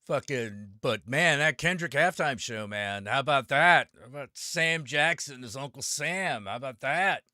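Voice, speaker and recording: A man's voice: medium pitch, unhurried, hardly any pauses, pushed and bright, dry recording, studio quality. A man live-streaming and chatting with viewers, ranting with a lot of swearing and greeting people by name. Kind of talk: casual live-stream chat.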